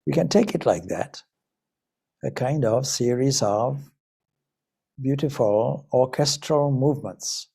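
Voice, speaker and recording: A man's voice: medium pitch, animated, slow pace, creaky, long pauses, mellow, husky. A man from Zimbabwe, a Vedanta swami, giving a reflective spiritual talk full of rhetorical questions. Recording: Ireland talk.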